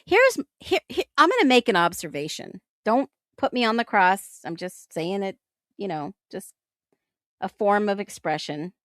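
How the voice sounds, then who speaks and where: A woman's voice: medium pitch, sing-song, normal speed, fairly bright tone, dry recording, clean studio sound. A woman hosting a talk show, thinking aloud in casual commentary and reacting with incredulous exclamations. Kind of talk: casual commentary on case documents.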